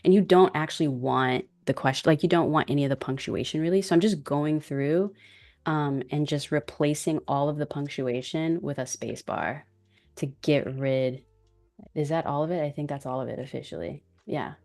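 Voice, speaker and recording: A woman with African American English chatting casually as a guest creator, relaxed and self-deprecating, laughing often as she explains. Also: low-pitched, normal speed. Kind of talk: casual tutorial chat.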